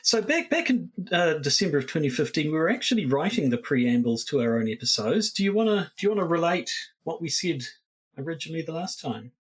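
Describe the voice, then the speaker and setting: Husky New Zealand man, rambling. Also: on the high side, expressive, quick pace. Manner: rambling, repeats words. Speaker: podcast co-host. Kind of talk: casual podcast chat.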